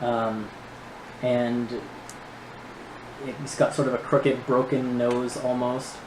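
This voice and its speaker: Low-voiced woman running the game. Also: takes it slowly. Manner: relaxed, hesitant with fillers. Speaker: game master. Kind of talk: narrating a tabletop game. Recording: roomy echo, faint hiss.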